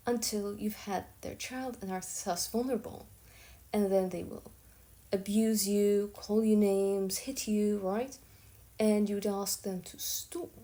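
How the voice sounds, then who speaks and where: A woman's voice: medium pitch, dark tone. A woman giving an emphatic monologue commentary, acting out quoted speakers in a raised voice.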